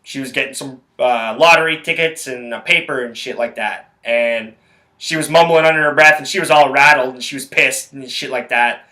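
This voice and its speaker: A man's voice: mid-range voice, moderate pace, sharp tone. A young man, hosting a solo podcast and telling a rambling, blunt story full of profanity. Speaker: podcast host.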